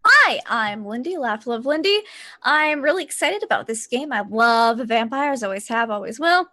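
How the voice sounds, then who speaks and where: Woman player, high voice, bright tone, sweet and eager. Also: animated, normal speed, no room sound.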